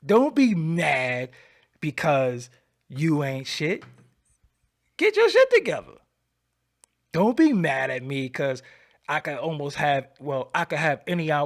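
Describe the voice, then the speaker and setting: A man hosting his own channel, delivering a defiant, boastful solo rant that swings between a low murmur and loud outbursts. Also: creaky. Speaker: channel host. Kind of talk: late-night solo rant to camera.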